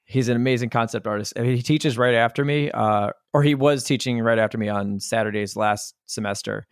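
A man's voice: mid-range voice, fairly quick, smooth, dry recording, studio quality. A man who teaches art, chatting as a guest in an easygoing, self-deprecating way and laughing often. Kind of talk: casual interview chat.

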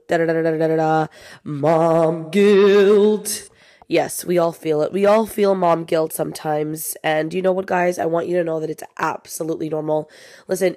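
A young woman hosts a podcast while sick, talking casually and confidingly to her listeners and often saying "you guys." Her voice is on the low side with a darkish tone, recorded with clean studio sound and no room sound.

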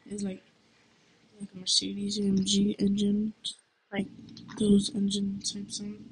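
A woman's voice: mid-range voice, monotone, a little slow, pauses often, background noise. Woman rambling on her own podcast, slangy and jokey about herself, takes her time. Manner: rambling, self-mocking, slangy. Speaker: podcast host. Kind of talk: casual solo podcast chat. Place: at home late at night.

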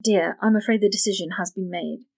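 A woman voicing a timid, apologetic middle-aged churchgoing mother who speaks gently. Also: mid-range voice, a little fast, vocal fry.

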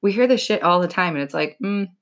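A woman's voice: fairly low pitch, lively intonation, fast talker. A young woman hosting a podcast, giving casual motivational talk in a blunt way, swearing freely and saying "like" a lot. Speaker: podcast host.

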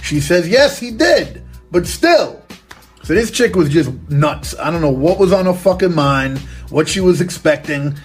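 A young man tells a crude story in loose street slang, swearing freely and checking in with "you know what I mean" throughout. His voice sits a touch high for a man. Faint music plays underneath. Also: normal speed, hardly any pauses.

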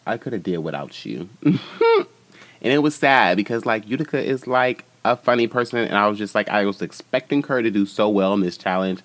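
A man hosting a casual reality-show recap, animated and profane, with sassy asides and frequent laughter. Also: sits low, dry recording.

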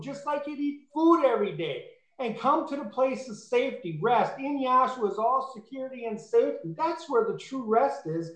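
A man's voice: extremely high pitch, a bit bright. A man preaching a sermon in an emphatic way, rising to fervent peaks. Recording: echoey room.

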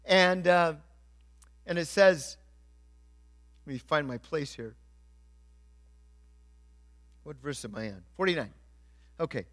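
A middle-aged male pastor preaching a sermon, swinging from quiet asides to loud, emphatic points. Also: a little high, animated, takes it slowly, pauses often.

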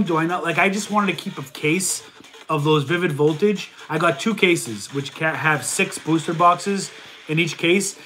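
A high-pitched man hosts a casual livestream, reading out viewer questions and talking through his answers in a loose, chatty way. His nose is stuffed up, and faint music plays behind him. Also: bright, forceful tone. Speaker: livestream host and reseller.

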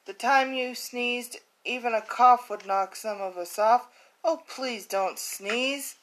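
A woman reads aloud as a group of anxious monkeys in a children's book. The voice sits a little high and moves slowly, pleading through the rhymes. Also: fairly bright tone, rough recording.

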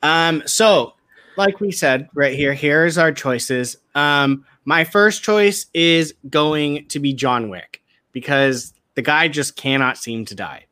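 A man's voice: on the high side, slow, pushed and bright, dry recording. A young man co-hosting a podcast, talking casually with slang and lots of fillers. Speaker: podcast co-host. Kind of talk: casual chat.

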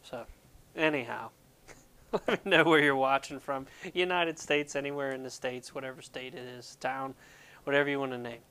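A ministry video host in Pennsylvania rambles through a casual devotional, cracking jokes at his own expense. His mid-range voice is fairly even in intonation, moderately paced, sharp-toned and smooth.

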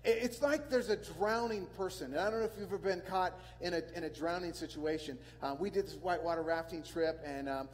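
Guy preaching in church, kinda high voice, earnest, keeps repeating himself, big echoey room. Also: a little fast, few pauses. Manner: earnest, repeats words and phrases for emphasis. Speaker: pastor. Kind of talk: sermon.

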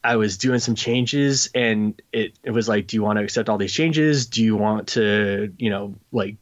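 Here a comic book creator with a lowish voice talks at normal speed, casually spinning a meandering podcast tale stuffed with fillers and impressions of others. The audio is lo-fi and a bit dull.

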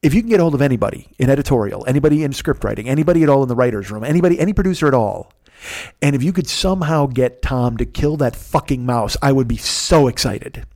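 Fast-talking profane man ranting. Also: mid-range voice. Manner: profane, ranting, animated storytelling. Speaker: podcast host. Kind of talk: casual storytelling monologue.

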